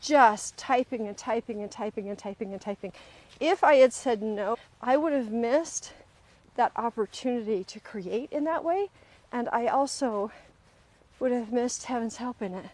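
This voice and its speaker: A middle-aged woman with a slightly high voice hosts a live self-help talk in a lively, conversational way. She tells personal stories to her audience and slips into other people's voices as she quotes them. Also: moderate pace. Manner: animated storyteller, often acts out quoted voices. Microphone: livestream camera mic.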